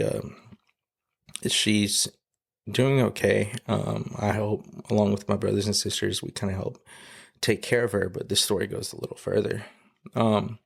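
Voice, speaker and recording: Gravelly, husky man telling a halting testimony. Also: lowish voice. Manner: halting, many fillers and restarts. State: emotional, near tears. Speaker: podcast guest. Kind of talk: emotional personal testimony.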